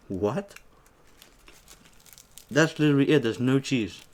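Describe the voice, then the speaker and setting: A young man eating on camera and telling a story in a casual, animated way, swearing freely as he acts out an argument at a shop. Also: mid-range voice, a little slow. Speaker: mukbang host.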